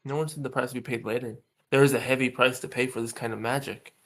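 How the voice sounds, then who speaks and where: A man playing a tabletop game, speaking in a calm, matter-of-fact way. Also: mid-range voice, fast. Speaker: player. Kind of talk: tabletop role-play.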